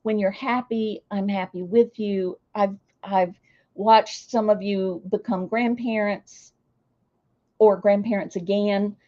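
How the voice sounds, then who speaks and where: An older woman, chatting warmly and emotionally with her viewers as a streamer. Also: medium pitch, steady tone, slow, muffled recording. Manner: warm, emotional, gushing. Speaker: streamer hosting a celebration. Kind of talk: casual chat to viewers.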